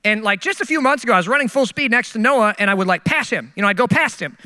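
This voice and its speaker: A middle-aged man, a pastor, preaching a sermon with lively, self-mocking storytelling. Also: sits high, fast talker, long reverb tail.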